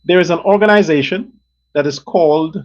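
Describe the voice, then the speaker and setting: A man's voice: a little high, brisk. A man hosting his own show, delivering an angry, profane political rant that repeats and hammers on words. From Guyana. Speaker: show host. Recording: dull lo-fi recording.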